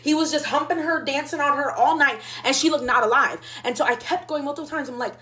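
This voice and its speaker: A woman's voice: high voice, fast, few pauses. A woman in her mid-twenties telling a casual storytime, rambling and packing her sentences with fillers as she acts out what everyone said. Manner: rambling, filler-heavy, animated retelling.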